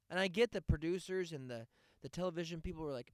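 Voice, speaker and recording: A man's voice: fairly high pitch, quick pace, no echo, clean studio sound. A man hosting a podcast, going on a sarcastic, profane rant in a casual monologue. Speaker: podcast host.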